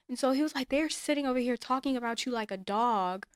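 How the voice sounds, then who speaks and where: A woman's voice: high voice, fast talker, clean tone, dry recording, clean studio sound. A woman casually telling a personal story, acting out what others said and giving emphatic advice. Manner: animated, acts out others' lines, emphatic advice. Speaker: storyteller sharing a personal experience.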